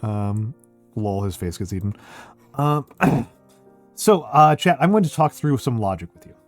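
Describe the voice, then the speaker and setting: A man's voice: medium pitch, big pitch swings, measured pace, soft background music. Scratchy-voiced man chatting to his stream. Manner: rambling, thinking out loud with fillers. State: scratchy voice from being under the weather. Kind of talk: casual chat with stream viewers.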